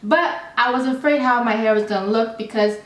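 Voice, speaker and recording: A young adult woman telling a storytime to camera in a chatty, animated way, with lots of fillers. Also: on the high side, brisk, distant mic. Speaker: vlogger. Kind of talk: casual storytime vlog. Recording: echoey room, set back from the mic.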